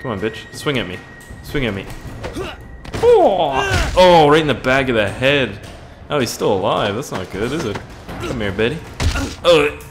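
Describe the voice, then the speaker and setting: A young man from Canada giving excitable, profane let's play commentary, laughing and reacting loudly as he plays. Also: mid-range voice, normal speed. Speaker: gaming channel host. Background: game music and sound effects.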